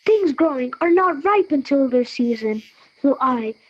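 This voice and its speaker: A woman's voice: high-pitched, animated, dull audio. A teen girl playing an ardent young nobleman. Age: teens. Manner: earnest measured verse reading. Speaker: student actor. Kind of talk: school audio play of verse drama.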